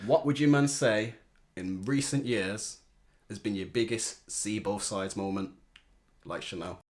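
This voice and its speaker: A man's voice: lowish voice, measured pace. A young man hosting a casual podcast chat, laid-back and slangy, often laughing. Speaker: podcast host.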